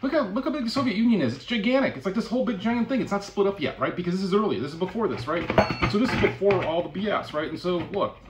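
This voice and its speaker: A man's voice: high voice, quick pace, very noisy. A man delivering a mock-serious comic rant, playful and insistent, tagging lines with "right?". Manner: playful, keeps asking "right?"; animated, fake-conspiracy insistence. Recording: echoey room.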